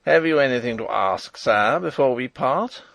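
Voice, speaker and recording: A man's voice: mid-range voice, lively intonation, normal speed, vocal fry, a bit bright, no echo. A man voicing a mocking English ruffian of a jailer, with a harsh, grating, sneering voice.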